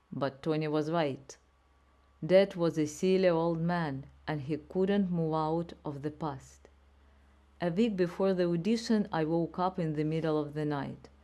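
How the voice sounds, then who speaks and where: Woman narrator reading an audiobook really slow, warm lowish voice. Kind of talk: slow scripted narration for learners.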